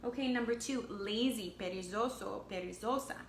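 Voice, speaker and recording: A woman teaching an English lesson, speaking slowly and deliberately, repeating each word and translating it into Spanish. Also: medium pitch. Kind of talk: slow bilingual language lesson. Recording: echoey room with faint background noise.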